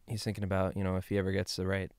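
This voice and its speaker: A man's voice: low-pitched, completely flat delivery, very fast, darkish tone, no echo. A young man co-hosting a podcast, teasing his friend in casual banter. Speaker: podcast co-host. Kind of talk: casual chat.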